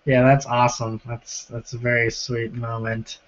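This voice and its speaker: A hoarse young man with a sore, rough throat hosting a casual live-stream Q&A from home, chatting as he reads out and answers viewer comments. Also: mid-range voice, little pitch movement, moderate pace. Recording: lo-fi stream audio.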